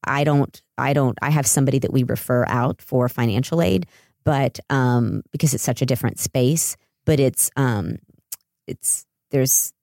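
An American woman speaking as a podcast guest, chatting in a relaxed way with frequent ums. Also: very deep voice, normal speed, creaky, no echo, clean studio sound. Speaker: education consultant guest. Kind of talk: casual interview chat.

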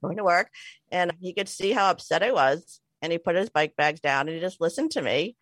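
A woman's voice: fairly low pitch, expressive, a little fast, no echo. A woman in her forties, a podcast co-host, telling a personal story in a chatty, self-deprecating way, laughing often. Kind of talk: casual storytelling chat. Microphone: remote call mic.

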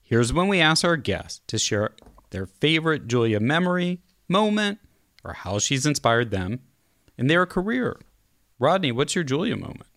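A man's voice: on the high side, big pitch swings, moderate pace, a bit bright. A man hosting a podcast, asking chatty, thoughtful questions and reading announcements. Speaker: podcast host. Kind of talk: interview and scripted announcements.

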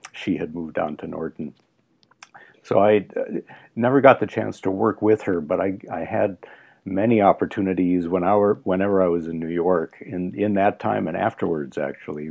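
An older man, a guest author, reminiscing in casual conversation in a halting way, with many pauses and restarts. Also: sits low, gravelly, muffled recording. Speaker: guest, food science author.

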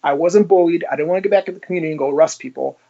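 His voice a little high and creaky, a former police officer races through his story on dull audio. Interviewed, he's animated and conversational, acting out the dialogue in his stories.

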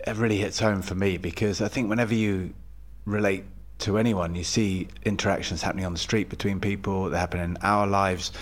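A male podcast host with a lowish voice reflects aloud in conversation. He feels his way through each idea and pauses to rephrase mid-sentence. His tone is measured and thoughtful. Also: fairly even intonation. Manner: thoughtful, searching for words. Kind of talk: conversational interview.

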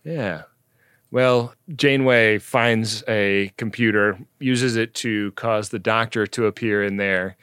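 A man's voice: fairly low pitch, fairly even intonation, slow pace, fairly bright tone, smooth, dry recording, clean studio sound. A man co-hosting a podcast, casually retelling a TV episode in a loose, rambling way with lots of fillers. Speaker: podcast co-host. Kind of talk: casual episode recap chat.

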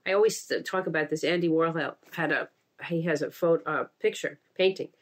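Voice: mid-range voice, fairly quick. A co-host chatting casually, reflective and fond of paired phrases. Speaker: podcast co-host. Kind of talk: casual conversational chat.

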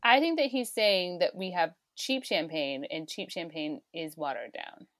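A woman co-hosting a podcast in casual chat, giving quick reactions and playful asides. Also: on the low side, fairly bright tone. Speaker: podcast co-host.

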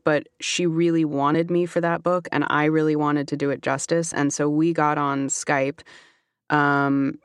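Woman guest, chatty and quick, smooth clear voice. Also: deep voice, no echo, studio quality. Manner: chatty, quick, lots of fillers. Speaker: audiobook narrator and author, guest. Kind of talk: casual interview chat.

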